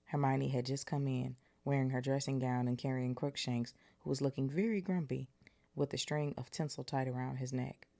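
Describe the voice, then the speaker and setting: A woman's voice: rumbling low, fairly even intonation, moderate pace, vocal fry, warm tone. A woman hosting a podcast, casually reading a novel aloud and breaking off for joking asides. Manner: chatty, joking asides between passages.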